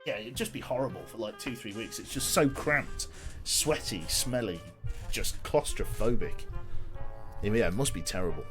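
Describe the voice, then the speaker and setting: A man's voice: lowish voice, moderate pace, over music. A man giving casual, jokey commentary while streaming a game, chatting with viewers and swearing now and then.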